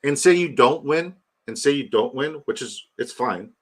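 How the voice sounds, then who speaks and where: A man's voice: mid-range voice, animated, normal speed, breathy edge. A man hosting a casual livestream, rambling about his draft, reading chat aloud and hyping a giveaway. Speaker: livestream host.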